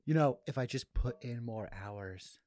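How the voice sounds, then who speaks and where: Young male podcast guest, easygoing and quick to laugh, mid-pitched, dry close mic. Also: mellow, no room sound. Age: young adult. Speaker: podcast guest, comedian and videographer. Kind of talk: casual comedy podcast chat.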